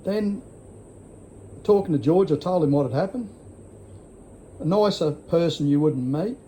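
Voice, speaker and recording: A man's voice: a little high, lively intonation, measured pace, warm tone, slight background noise. An Australian man in his sixties telling a rambling story in a casual vlog, blunt and full of swearing. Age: 60s. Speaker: vlogger.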